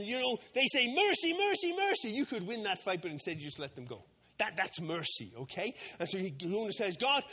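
Animated bright-voiced man telling a kids' story. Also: very high voice. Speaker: children's talk leader. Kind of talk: children's Bible story.

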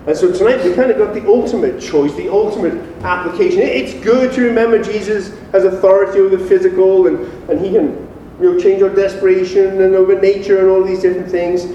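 Guy preaching a chill sermon, kinda high voice, mic far off, big echo. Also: fast, hardly any pauses, dull audio, slight background noise. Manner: animated and informal, acts out quoted voices. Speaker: pastor. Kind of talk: casual conversational sermon. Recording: echoey hall, distant mic.

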